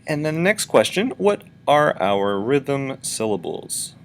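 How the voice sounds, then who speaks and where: A man's voice: medium pitch, big pitch swings, slow pace. A man teaching a virtual music lesson for children, patiently explaining and chanting rhythm syllables.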